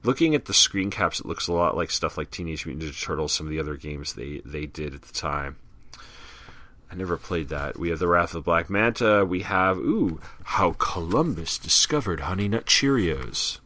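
A man's voice: sits low, lively intonation, normal speed, sharp tone, no echo. A man hosting a casual podcast, reading glossary terms and old ads aloud with chatty asides. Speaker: podcast host.

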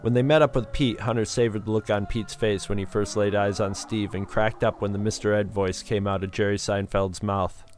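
A man's voice: on the low side, steady tone, brisk, few pauses. A man narrating a story as an audiobook, dry and matter-of-fact.

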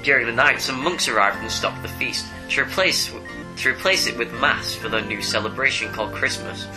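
Podcast guy recapping a comic, steady plain voice, music going behind. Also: medium pitch, a little fast, low-quality recording. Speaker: podcast co-host. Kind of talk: summarizing a comic story, then casual chat.

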